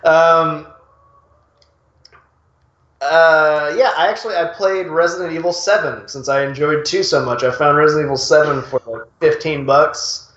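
A man's voice: fairly high pitch, fairly even intonation, a bit bright. Chatty man in an echoey room. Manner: rambling, halting restarts, chuckles while storytelling. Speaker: podcast co-host. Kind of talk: casual chat. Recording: echoey room, dull lo-fi sound. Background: video game playing in background.

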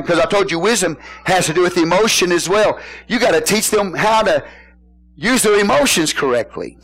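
Pastor, middle-aged man, slightly high voice; folksy sermon with call-and-response and shouted emphasis. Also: low-quality recording. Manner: preaches with call-and-response questions to the congregation; casual folksy phrasing, bursts into shouted emphasis.

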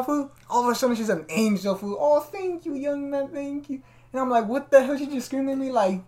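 A man hosting a casual podcast, telling stories in a laid-back, slangy way. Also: high voice. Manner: slangy, laid-back, keeps saying "fool". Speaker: podcast host. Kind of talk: casual chat, storytelling.

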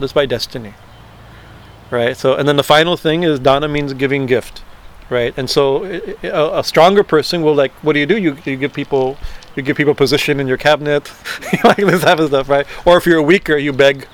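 Male scripture teacher, slightly high voice, hesitant, lots of fillers and tag questions, lecture style.

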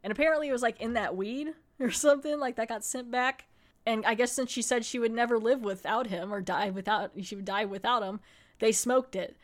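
Animated woman recapping a show. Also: on the high side, brisk. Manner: animated storytelling, acting out characters' lines. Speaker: podcast host. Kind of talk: casual episode recap.

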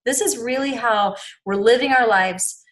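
A woman's voice: fairly high pitch, unhurried, rough recording. A woman co-hosting a faith podcast, speaking in an earnest, emphatic way. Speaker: podcast co-host. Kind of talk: casual faith podcast chat.

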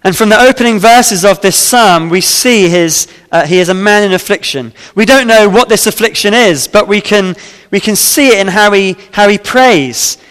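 Reading scripture and then explaining it, a pastor preaches a sermon full of fillers and restarts. He speaks at normal speed in a high-pitched, somewhat bright voice with lively intonation, and there's a long reverb tail.

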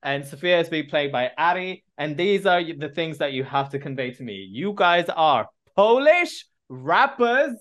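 A man hosting a podcast, running a playful improv game and giving quick directions to his guests. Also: fairly high pitch, lively intonation, a bit bright. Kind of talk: casual banter with guests.

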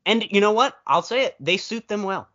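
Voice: medium pitch, expressive, brisk, pushed and bright, lo-fi sound. A podcast co-host chatting casually about movies, telling long rambling stories with playful quoted asides.

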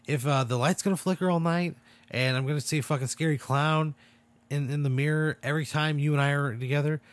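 A man's voice: a little high, fairly even intonation, brisk, no echo. A man answers his co-host's odd hypothetical in casual podcast chat. He is blunt and swears freely, and he treats each question with a joking matter-of-factness. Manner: blunt, profane, jokey replies.

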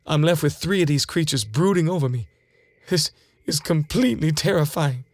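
A man's voice: fairly high pitch, animated, normal speed, darkish tone, no echo. An actor playing a terrified man recounting an alien examination, in a shaken, pleading first-person retelling. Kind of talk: dramatized first-person account.

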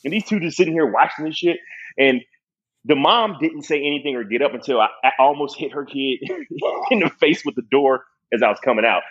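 A man's voice: mid-range voice, slightly rough, lo-fi sound. A young man telling a story in casual, profane chat, laughing often.

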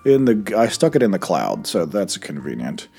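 A man's voice: low voice, sing-song, moderate pace, creaky, warm tone, slightly rough. A man from West Virginia co-hosting a podcast in casual, jokey, rambling chat. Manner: rambling, jokey, self-deprecating. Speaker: podcast co-host.

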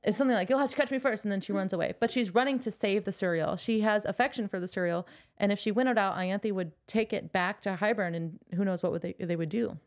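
A woman's voice: mid-range voice, fast talker. A young woman co-hosting a casual book podcast, retelling the story with laughs and playful swearing. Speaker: podcast co-host.

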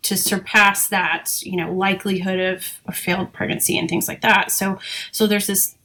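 A woman's voice: medium pitch, level tone, moderate pace, bright, forceful tone. A woman in her thirties, a veterinary technician, chatting casually on a podcast, with frequent fillers and laughs.

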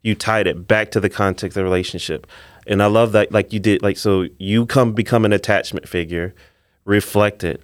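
A man's voice: lowish voice, fairly even intonation, brisk, no echo, clean studio sound. A man co-hosting a podcast, enthusiastically recapping what the guest just did. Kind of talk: interview commentary.

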